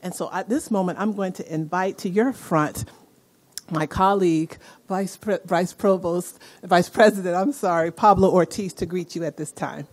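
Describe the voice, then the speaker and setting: A woman's voice: lowish voice, moderate pace. A woman university executive giving an enthusiastic welcome speech at a campus event, rallying the audience to applaud. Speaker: university senior vice president, event emcee. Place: event hall.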